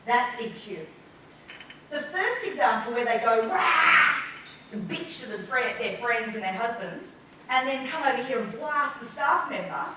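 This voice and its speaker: Woman business trainer, fairly high voice, lively delivery, recorded from a distance in an echoey room. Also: a little hiss or hum. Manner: lively, acts out quoted people. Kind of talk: live workshop talk. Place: large room with an audience. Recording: echoey room, mic far off.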